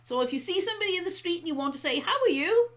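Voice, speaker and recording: A woman's voice: very high-pitched, lively intonation, very fast, fairly bright tone. A Welsh woman co-hosting a casual live stream, chatty and playful, explaining things like a friendly teacher. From South Wales.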